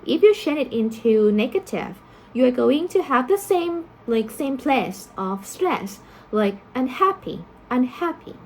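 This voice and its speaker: A woman's voice: fairly high pitch, expressive, measured pace, a little mellow, slight background noise. A woman teaching pronunciation, explaining stress rules and saying each example word twice with fillers like "um" and "like". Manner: casual fillers like "like" and "um". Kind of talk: slow explanatory lesson.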